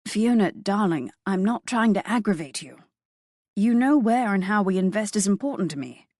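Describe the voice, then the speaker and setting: A cantankerous posh British husband in his forties, as a woman reader puts him on, soft and coaxing as he pleads with his wife. His speech in this storybook reading is dry and close, with no room around it. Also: lowish voice, lively intonation, moderate pace, dry recording, close to an everyday voice. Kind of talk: audiobook character voice.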